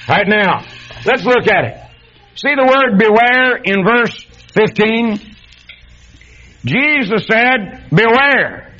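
A man gives a sermon in a high, lively voice. He talks to the congregation in a folksy way and swings between loud exclamations and quiet, low asides. The recording sounds dull and muffled. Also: slow, long pauses. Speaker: preacher.

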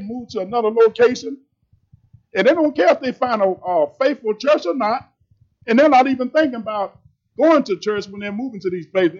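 A man's voice: sits high, darkish tone, lo-fi sound. A man preaching a sermon in a plain-spoken, emphatic, conversational way.

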